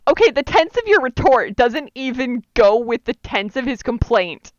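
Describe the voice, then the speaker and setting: A woman podcast host reading old fiction aloud and breaking off for wry, quick asides. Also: on the high side, very animated, no room sound, highs cut off.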